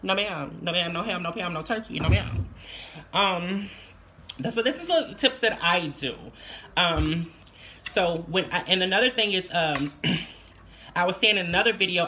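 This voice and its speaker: A woman's voice: on the low side, bright, forceful tone, slight background noise. A trans woman vlogger giving casual voice-feminization tips in a chatty, sassy, playful way. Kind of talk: casual advice vlog.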